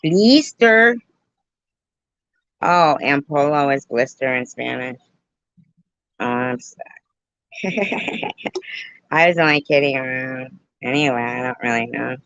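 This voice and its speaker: A woman livestreamer telling a story and joking with her viewers in an animated, playful way, on a dull, dry lo-fi recording. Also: a bass voice, clear, resonant tone, no room sound. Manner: animated, jokey, slow and drawn out. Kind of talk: casual storytelling and chat.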